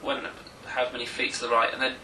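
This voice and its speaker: Fast-talking teasing Englishman. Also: medium pitch, monotone, sharp tone, a little hiss or hum. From England. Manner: teasing, interrupting, laughing. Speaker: co-host. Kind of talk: casual chat. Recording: roomy echo, mic at a distance.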